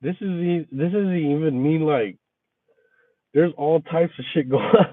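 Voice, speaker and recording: A man telling a casual, profane story about his workday, venting with animated energy. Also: on the high side, a little slow, no echo. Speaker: resort maintenance worker chatting with viewers. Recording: tinny phone-like, dry sound.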